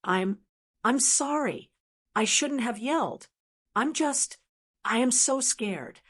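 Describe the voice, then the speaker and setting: A woman's voice: fairly high pitch, expressive, slow pace, a bit bright, breathy edge, heavily acted. A woman doing a frantic, stammering daughter-in-law. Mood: tearful. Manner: shrieking, pleading, stammering.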